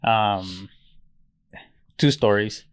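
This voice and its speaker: Laid-back young man, smooth voice. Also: lowish voice, extremely slow, no echo, studio quality. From United States. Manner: laid-back, swears casually in stories. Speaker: podcast co-host. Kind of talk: casual chat.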